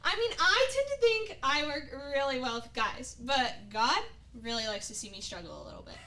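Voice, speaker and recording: A woman's voice: high-pitched, sing-song, fairly quick, very noisy. A woman telling a self-mocking comic story on stage in a chatty way. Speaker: student performer. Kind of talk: stand-up storytelling. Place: acting studio stage.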